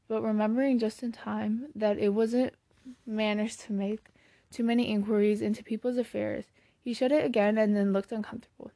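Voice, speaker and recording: A woman reading a classic novel aloud in plain, steady storybook narration, now and then correcting a slipped word. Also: a little high, no echo. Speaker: audiobook reader.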